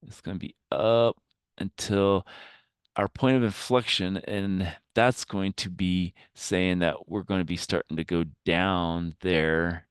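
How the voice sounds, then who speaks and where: Guy explaining calculus step by step, lots of uhs, deep smooth voice, dry close sound. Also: fairly even intonation, takes it slowly, dry recording. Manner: thinking aloud with many fillers. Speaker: math teacher. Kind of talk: recorded math lecture.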